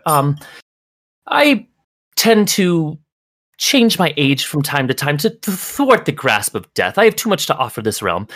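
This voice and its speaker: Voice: mid-range voice, fairly bright tone, no room sound, clean studio sound. A game master as a haughty young sorceress. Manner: imperious, grand, formal. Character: young haughty woman alchemist, vain and accusing.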